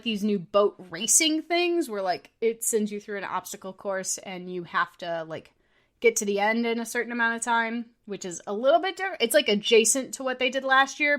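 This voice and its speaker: A woman's voice: mid-range voice, expressive, moderate pace, a bit bright. A woman co-hosting a podcast, chatting casually and enthusiastically with lots of "like" and "um" and frequent giggles. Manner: rambling, fills speech with "like" and "um". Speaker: podcast co-host.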